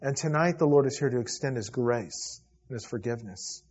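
A man preaches to his church in a husky voice, his delivery rising to loud appeals and sinking to near-whispers. The recording is dull and lo-fi, as if taped during a service. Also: medium pitch, expressive, fairly quick. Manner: preaching with swells from loud to hushed. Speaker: pastor. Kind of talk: sermon.

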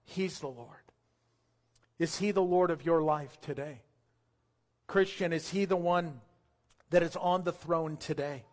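A man preaching as a pastor, building to fervent emphasis and then leading a slow, quiet prayer. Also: on the high side. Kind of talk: sermon with altar call prayer. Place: church sanctuary.

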